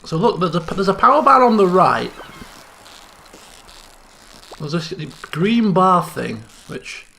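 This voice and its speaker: A young man giving excitable let's play commentary, chattering and repeating phrases in bursts. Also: high voice, slow pace, gravelly, long pauses, a little hiss or hum. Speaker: gaming channel host.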